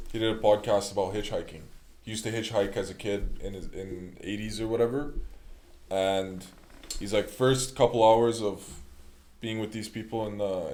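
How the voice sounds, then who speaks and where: Relaxed young man, lowish voice. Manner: relaxed storyteller, slangy. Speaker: podcast guest. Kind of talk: casual chat.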